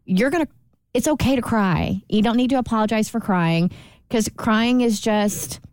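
A woman podcast host who talks in a gentle, consoling way and speeds up in bursts. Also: on the high side, normal speed, dry recording, clean studio sound. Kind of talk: casual podcast conversation.

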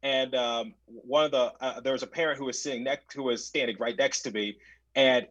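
A young man, a guest on a podcast, telling a story in casual chat, full of fillers and restarts, who gets excited as he goes. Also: mid-range voice, normal speed, dry recording. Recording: dull lo-fi mic.

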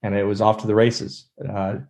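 A man's voice: on the low side, normal speed. A man in his thirties, a former wrestler, telling stories in a casual interview and acting out other people's lines. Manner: animated storyteller, acts out quotes.

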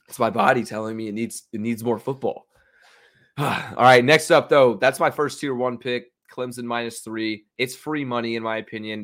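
A man's voice: mid-range voice, fairly bright tone. A young man hosting a sports betting podcast, talking through his picks in a chatty, confident, self-mocking way. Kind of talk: casual solo commentary.

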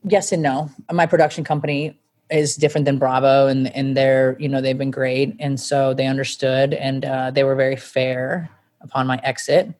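A woman's voice: very deep voice, little pitch movement, normal speed, darkish tone. Blunt, swearing woman telling her story. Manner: blunt and emphatic, swears freely. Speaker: guest. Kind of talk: candid interview storytelling.

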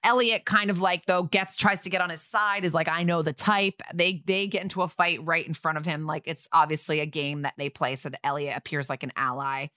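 A woman with a fairly low voice chats through a TV episode recap as a podcast co-host. She puts on playful voices for the lines she quotes. The sound is dry and close, with no room around it. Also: fairly even intonation, fairly quick, hardly any pauses, sharp tone, dry recording. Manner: chatty, acts out quoted lines in funny voices. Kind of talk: casual recap chat.

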